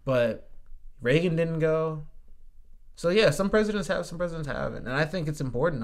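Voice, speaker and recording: Animated young-sounding veteran man, casual talk. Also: a little high, brisk. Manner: animated, heavy use of "like", swears freely. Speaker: guest, Air Force veteran. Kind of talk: casual podcast conversation.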